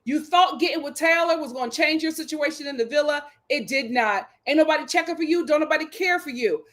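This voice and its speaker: A woman with a bright, high voice recapping a dating show on a live stream. She is sassy and dramatic, leaning on slang. She calls out the contestants as if they could hear her. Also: fairly quick. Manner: speaks directly to the people she discusses. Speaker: reality TV review host.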